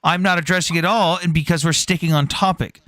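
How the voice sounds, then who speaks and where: A man's voice: fairly high pitch, steady tone, fairly quick, fairly bright tone, dry recording. A man hosting a heated live online debate, talking over others with short repeated commands. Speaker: live stream host.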